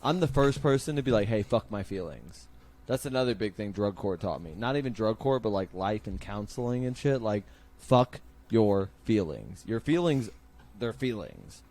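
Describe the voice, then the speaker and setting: A man's voice: fairly low pitch, animated, moderate pace, darkish tone. A young adult man hosting a casual podcast, talking bluntly with heavy swearing and acting out quoted lines. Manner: blunt, profane, acts out quotes. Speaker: podcast host.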